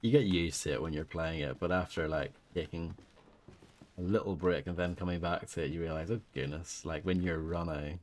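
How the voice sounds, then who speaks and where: A man's voice: sits low, steady tone, moderate pace. A man chatting casually with viewers while streaming a game, rambling and self-deprecating. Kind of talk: casual live gameplay chat.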